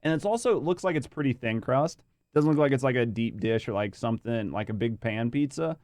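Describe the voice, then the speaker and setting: A man's voice: medium pitch, expressive, a little fast, darkish tone, no echo, clean studio sound. A man doing rambling, casual reaction commentary, swearing freely and chatting with his viewers. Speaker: reaction streamer.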